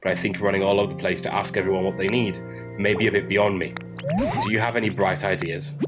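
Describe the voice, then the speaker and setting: A polite town leader makes slow, courteous requests, as a man who is a little unwell reads him out. His voice sits low in pitch. Game music runs underneath. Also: little pitch movement, close to an everyday voice. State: under the weather.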